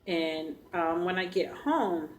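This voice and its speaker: Woman telling a heavy personal story to her viewers, kinda low voice, stops and starts a lot. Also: a little hiss or hum, poor audio. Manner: earnest, addresses viewers directly; halting, emotional retelling. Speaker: vlogger.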